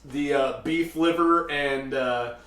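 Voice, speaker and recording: Man, cooking stream host, casual chat, slightly higher voice, distant mic, echoey kitchen. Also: slow, fairly bright tone. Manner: chatty, reads out viewer comments, lots of fillers. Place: home kitchen.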